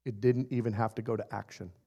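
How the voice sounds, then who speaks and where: Delivering a lively, funny sermon, a man speaks quickly in a fairly low, husky voice with vocal fry. He playfully performs short scenes in various voices and laughs frequently between his points.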